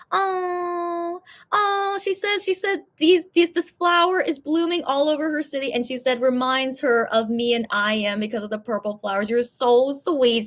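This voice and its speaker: A young woman with a somewhat high voice chats casually on a livestream, reading out fan messages. She rambles and stops and restarts often, full of fillers. She sounds emotional, close to tears. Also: a bit bright.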